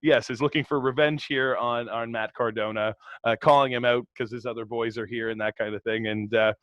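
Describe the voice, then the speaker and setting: A relaxed man talks through a wrestling recap in a casual podcast chat, pausing often on "uh" and chuckling along the way. His voice is neither high nor low, and it sits close and dry on the mic with no room around it. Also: dry recording, highs cut off. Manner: laid-back, lots of fillers and laughs. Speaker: podcast co-host.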